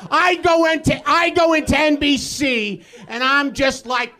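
A male comedian on a live stage, shouting an exasperated, profane rant. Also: very high-pitched, steady tone, a little slow. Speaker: comedian guest.

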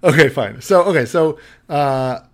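A man's voice: on the high side, measured pace. A man co-hosting a podcast, recapping a film in casual chat, rambling with lots of fillers and easy laughs. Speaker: podcast co-host.

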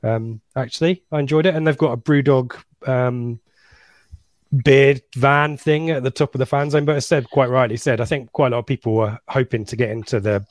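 A man's voice: medium pitch, fairly even intonation, a little fast, no room sound. A man hosting a casual football podcast, chatty and rambling, laughing at his own slips. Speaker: podcast host.

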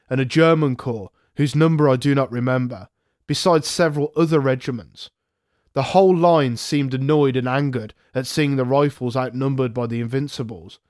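A man narrating a historical memoir aloud, in a measured first-person storytelling manner. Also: mid-range voice, a little mellow, no echo, studio quality. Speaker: podcast narrator.

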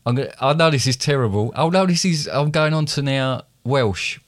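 A man co-hosting a casual podcast, playfully putting on regional accents, laughing often and drawling phrases slowly. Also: medium pitch, dry recording, studio quality. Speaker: podcast co-host.

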